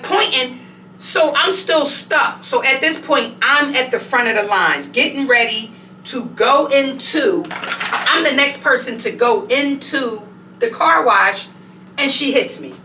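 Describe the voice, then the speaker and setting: A woman vlogger tells a story in a lively, conversational way, with a bright, fairly high voice. She is in a bathroom at home with hard, echoing walls. The mic sits some distance away and picks up a faint hiss. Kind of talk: storytime vlog.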